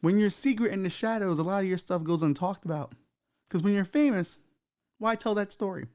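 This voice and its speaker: A man's voice: high voice, a little fast, darkish tone. A man hosting a podcast, riffing through a loose, profane comedic monologue full of asides. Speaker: podcast host.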